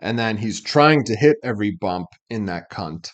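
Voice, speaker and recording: A man with a fairly low, everyday voice walks through song lyrics piece by piece in relaxed reaction-video chat. He explains patiently and clears his throat often between thoughts. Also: moderate pace. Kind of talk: casual lyric breakdown.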